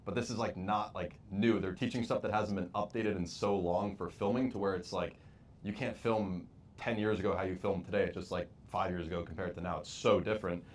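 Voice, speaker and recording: A man's voice: low-pitched, fairly even intonation, a little fast, slight background noise. A young man guest on a talk show, rambling casually with lots of "like". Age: young adult. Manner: rambling, heavy filler words. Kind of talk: casual chat.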